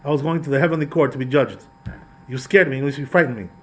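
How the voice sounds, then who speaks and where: A man's voice: mid-range voice, fast talker, a bit bright, natural voice. A man doing a stern old prophet. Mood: reproachful. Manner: reproachful, grave.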